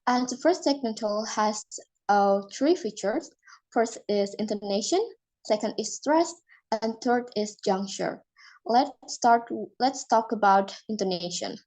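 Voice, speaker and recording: A woman's voice: on the high side, measured pace, darkish tone, low-quality recording. A woman teaching an English phonology lesson, explaining step by step with fillers and restarts.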